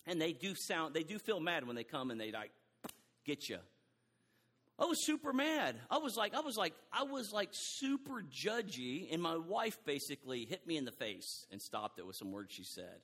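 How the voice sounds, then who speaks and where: A middle-aged man preaching a sermon in an animated way, acting out quoted dialogue and often restarting his sentences. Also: on the high side, normal speed, big-room sound.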